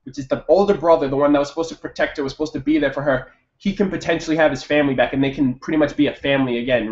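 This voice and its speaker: A young man reviewing an anime episode in a casual monologue, excitable, swearing and jumping up loud when hyped. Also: medium pitch. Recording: echoey room, dull lo-fi mic.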